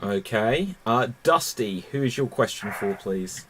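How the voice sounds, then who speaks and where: A man hosting a live online improv comedy show, brisk and amused, often repeating himself. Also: on the low side, lively intonation, fairly bright tone, slight background noise.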